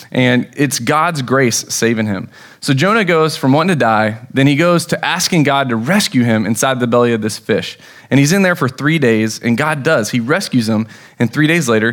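A young man with an American accent preaches in a relaxed, conversational way. He retells the story loosely, with lots of fillers and quick acted-out lines. His voice sits at an ordinary middle pitch. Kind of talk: casual sermon. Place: church sanctuary.

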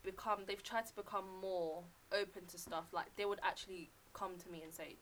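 A woman's voice: mid-range voice, fairly even intonation, brisk, fairly bright tone, a little hiss or hum. A young woman in a casual chat, blunt and joking.

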